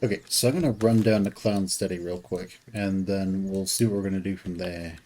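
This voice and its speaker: Low-voiced man streaming a game. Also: fairly even intonation, fairly quick, dark tone, slight background noise, low-quality recording. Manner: thinks aloud, rambling with restarts. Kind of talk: casual gameplay commentary.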